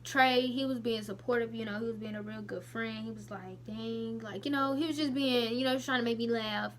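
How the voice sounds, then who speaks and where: A woman's voice: fairly high pitch, fairly quick, slight background noise. Young woman telling an emotional story. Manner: emotional, animated retelling with many asides to viewers. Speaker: vlogger. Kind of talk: casual storytelling to camera.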